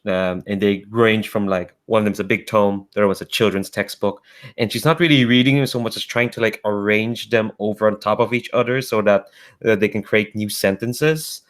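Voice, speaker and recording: A man describes his character in a tabletop game, his voice fairly low and full of hesitant fillers. He talks casually and thinks aloud as he goes. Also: fairly bright tone. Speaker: player.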